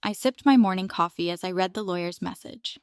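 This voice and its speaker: Smooth, crisp woman narrating a story. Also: on the low side, a little fast, no echo, clean studio sound. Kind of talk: scripted first-person story narration.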